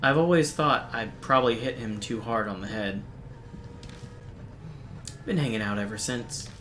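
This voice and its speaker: A man streaming a game, reading its visual novel text aloud in a steady, even narration broken by quick, dry asides. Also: mid-range voice, a little hiss or hum. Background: faint game music.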